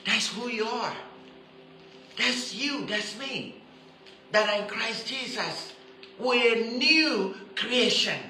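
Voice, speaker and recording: A woman's voice: on the high side, expressive, takes it slowly, pauses often. Woman preacher, sermon, emphatic repetition, echoey room, faint hiss. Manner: emphatic, repeats key phrases for stress; drops to a soft, intimate tone when appealing.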